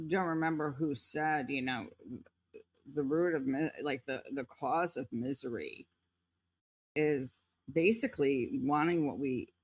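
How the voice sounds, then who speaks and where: A woman's voice: sits low, dry recording. A woman co-hosting a podcast, speaking thoughtfully and hedging her points with frequent "like" and "kind of.". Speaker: podcast co-host. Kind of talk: casual reflective chat.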